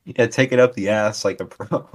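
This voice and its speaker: Jokey man with a low voice. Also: moderate pace. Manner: jokey, playful, keeps doing bits. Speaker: podcast co-host. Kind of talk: casual chat.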